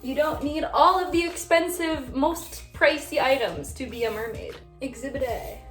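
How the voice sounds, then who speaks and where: A bubbly, chatty young woman with a slightly high voice talks casually through her makeup routine. She is recorded on a camera mic in a roomy home space. Soft music plays faintly behind her. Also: normal speed. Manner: bubbly, chatty, frequent "like" fillers. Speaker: vlogger. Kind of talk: casual get-ready-with-me chat.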